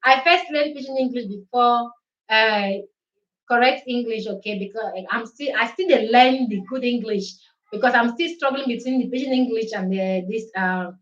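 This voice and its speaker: This is a Nigerian woman, an Igbo speaker, hosting a casual live chat from home. Her voice sits a little high, and she drifts between English, Pidgin and a bit of Italian as she talks. The sound is roomy and slightly dull, like a live stream. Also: normal speed, a bit bright.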